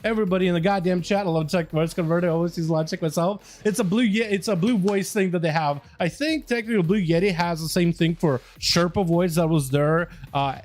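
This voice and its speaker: High-voiced young male game streamer. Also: a little fast, hardly any pauses, a little mellow. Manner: loose, profane and chatty with viewers. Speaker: gaming streamer. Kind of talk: casual livestream chat. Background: faint music.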